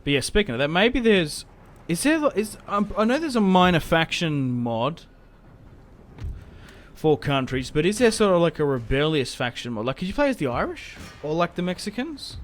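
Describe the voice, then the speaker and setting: Chatty man, fairly high voice. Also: moderate pace. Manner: chatty, rambling, self-mocking with sudden excited outbursts. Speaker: gaming YouTuber. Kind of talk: casual Let's Play commentary. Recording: game music playing faintly behind.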